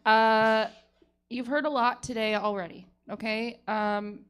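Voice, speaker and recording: A woman delivering a comic mock closing argument, soothing and then shouting, laughing through her lines. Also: fairly high pitch, fairly even intonation, measured pace, clean tone. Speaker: comedy panelist.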